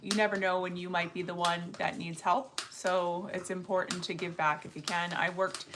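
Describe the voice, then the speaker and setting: A woman's voice: on the low side, level tone, moderate pace, background noise. A woman co-hosting a casual livestream, earnest and chatty, coming back to her point again and again. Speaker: livestream co-host.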